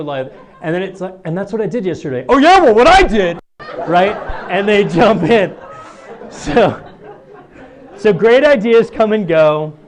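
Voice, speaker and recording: A man, a priest, giving a lively talk to students, acting out little scenes and laughing as he goes. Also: fairly high pitch. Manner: animated, acts out voices, laughs often.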